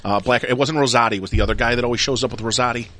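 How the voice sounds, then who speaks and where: A man's voice: medium pitch, steady tone, rapid-fire, a bit bright. A man hosting a casual podcast chat, telling joking stories about a recreational sports league. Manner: storytelling, joking. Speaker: podcast host.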